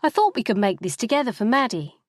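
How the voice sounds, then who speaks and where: A woman's voice: very animated, fast, dry recording, clean studio sound. Woman voicing a blunt, awkward teenage girl. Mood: eager. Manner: high, bright and offhand.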